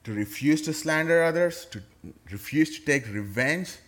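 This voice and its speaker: A man's voice: fairly high pitch, animated, moderate pace, fairly bright tone. A middle-aged man, a pastor preaching a sermon to his church in a conversational way, with touches of playful sarcasm.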